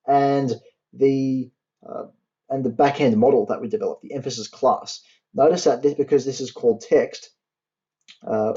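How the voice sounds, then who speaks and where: A young university tutor leads a programming class, narrating each line of code as he types and slowing to spell out the syntax. He has a mellow, dark, medium-pitched voice. Keyboard typing and clicks sound behind him on a dull, lo-fi recording.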